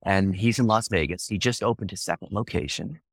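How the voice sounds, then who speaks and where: A man speaking as a podcast guest, telling marketing stories in an animated, emphatic way. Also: deep voice, fairly quick, creaky, no echo. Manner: animated, emphatic, jumps into acted quotes. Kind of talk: casual interview storytelling.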